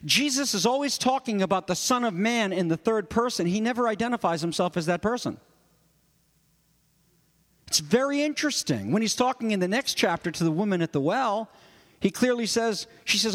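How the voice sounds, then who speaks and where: A man preaching an expository sermon, his voice rising for emphasis and dropping low for quiet asides. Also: sing-song, fairly quick, long reverb tail. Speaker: pastor.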